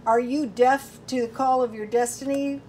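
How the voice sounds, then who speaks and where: A woman's voice: high voice, fairly even intonation, moderate pace, darkish tone, a little hiss or hum, lightly acted. A woman voicing a stern old male prophet who rises to wrathful rebuke in a storybook reading. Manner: rising to thunderous rebuke.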